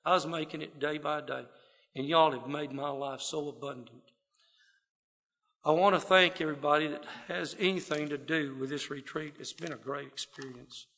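Man, folksy heartfelt testimony, ringing hall reverb, brightish tone. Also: on the high side, steady tone, normal speed. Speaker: speaker sharing recovery story. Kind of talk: personal testimony talk.

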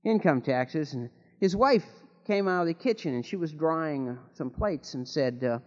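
A man's voice: fairly high pitch, lively intonation, moderate pace. A man telling jokes and stories at a recovery meeting, rambling, with many restarts, in a folksy way. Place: meeting hall with an audience. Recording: dull long-reverb hall recording.

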